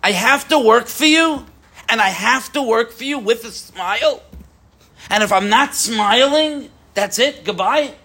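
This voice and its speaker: A man acts out an indignant inner cynic in a sharply raised voice, complaining in exasperated rhetorical questions. The pitch swings high above a plain speaking voice, and the words are clipped and protesting. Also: expressive, unhurried, pushed and bright, husky, full character voice.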